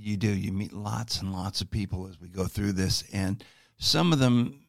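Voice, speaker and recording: A man's voice: on the low side, normal speed, vocal fry, dry recording, studio quality. A man hosting a casual interview, chatty and friendly as he asks questions. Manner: chatty, friendly, lively intonation. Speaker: interview host. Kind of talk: casual conversation.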